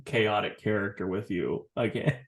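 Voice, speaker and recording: A man's voice: on the low side, a little slow. Laughing man telling a casual story. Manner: animated storyteller, laughs a lot, swears casually. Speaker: podcast co-host. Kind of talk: casual chat.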